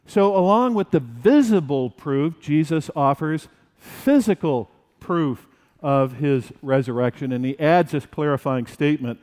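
A male pastor preaching a sermon in a church, animated and acting out the disciples' fright. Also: on the high side, moderate pace, big-room sound.

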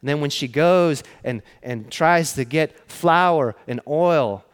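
A man preaching a sermon, telling the stories conversationally and often dropping to hushed, emphatic phrases. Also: on the high side, takes it slowly, clear, resonant tone. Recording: long hall reverb.

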